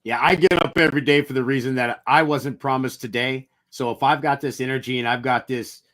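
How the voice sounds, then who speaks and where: A man co-hosting a podcast speaks earnestly and reflectively in a casual motivational conversation, with a little mild swearing. His voice is medium-pitched and fairly bright, with fairly even intonation and a brisk delivery.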